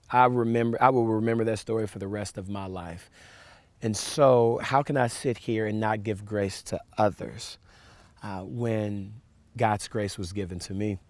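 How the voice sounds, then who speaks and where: A man giving a storytelling sermon to young listeners, animated with fillers and repeats, dropping soft and quiet for reflection. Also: lowish voice, no echo. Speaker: camp speaker.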